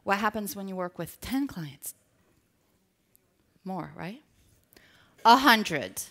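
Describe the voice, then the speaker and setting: A woman business coach giving an energetic motivational seminar talk, drawing the audience in with call-and-response questions. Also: mid-range voice, slow. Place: live event with an audience.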